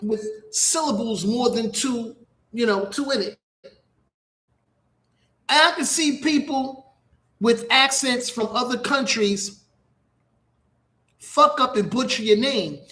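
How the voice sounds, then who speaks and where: High-voiced man rambling slowly, echoey room. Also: fairly bright tone. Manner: rambling, profane, repeats himself. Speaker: radio show host. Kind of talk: casual rambling monologue.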